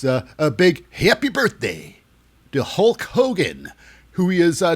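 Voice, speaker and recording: A man's voice: medium pitch, husky. A man casually recapping a wrestling show, jokey and rambling with lots of fillers.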